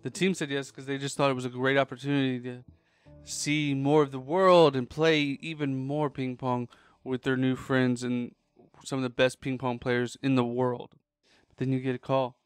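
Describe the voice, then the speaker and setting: Male podcast host, casual animated storyteller, mid-pitched. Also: clean tone, no echo, clean studio sound, soft background music. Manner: animated, jokey, does quick quoted voices.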